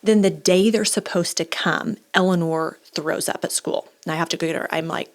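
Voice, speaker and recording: A woman in her forties co-hosting a casual podcast conversation, an animated storyteller who acts out the people she quotes. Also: on the low side, normal speed, hardly any pauses. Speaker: podcast co-host.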